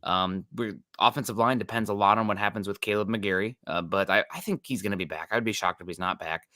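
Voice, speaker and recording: Easygoing male sports podcast host, low bright voice. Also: quick pace, dry recording, clean studio sound. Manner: easygoing, greets viewers and reads their comments. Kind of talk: casual live-stream sports chat.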